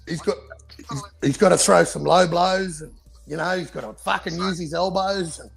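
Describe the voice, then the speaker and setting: A man's voice: high-pitched, fairly even intonation, moderate pace, vocal fry, soft background music. A man co-hosting a casual boxing podcast, talking in profane, heated rants. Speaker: podcast co-host.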